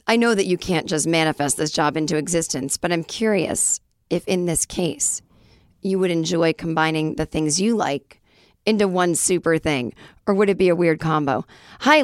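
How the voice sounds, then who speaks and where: A woman in her forties hosting a podcast, telling a story in a chatty, self-deprecating way with a slightly raspy voice and acting out the people she quotes. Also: low-pitched, no room sound, studio quality. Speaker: podcast host. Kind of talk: casual storytelling monologue.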